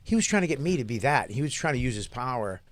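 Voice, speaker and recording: A man's voice: medium pitch, big pitch swings, quick pace, dry recording. A man co-hosting a podcast, telling crude, self-deprecating stories in casual comedic chat. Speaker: podcast co-host.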